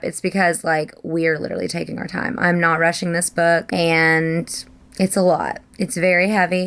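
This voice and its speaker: A woman's voice: fairly low pitch, a bit bright, clear, resonant tone. A young woman talking casually in her reading vlog, gushing and emotional about a book, with many "like"s. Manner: gushing and emotional, says "like" often. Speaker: book vlogger.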